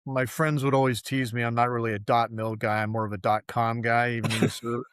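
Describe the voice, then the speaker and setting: Relaxed man in his sixties. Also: mid-range voice, fairly quick, clear, resonant tone, no room sound, clean studio sound. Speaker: guest, former military pilot. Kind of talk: casual conversational interview.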